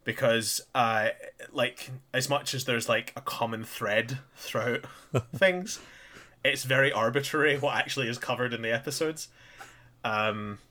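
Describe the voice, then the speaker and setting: A bright, forceful male voice in relaxed podcast conversation. He talks about a show with lots of filler words and restarts. When he quotes characters he jumps into loud, excited bursts. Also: mid-range voice, measured pace. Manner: animated, breaks into loud quoted voices while retelling scenes. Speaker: podcast co-host. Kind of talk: casual chat reviewing an anime.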